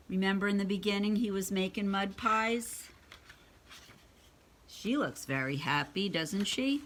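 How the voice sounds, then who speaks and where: A woman's voice: mid-range voice, expressive, measured pace, a bit bright. A woman reading a picture book aloud to children, adding chatty asides and questions for her young listeners. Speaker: read-aloud storyteller.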